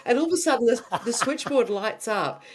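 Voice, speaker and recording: A woman's voice: a little high, lively intonation, fairly quick, slight background noise. Chatty woman interviewer. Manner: chatty anecdotal storyteller. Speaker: podcast host, interviewer. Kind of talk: friendly interview chat.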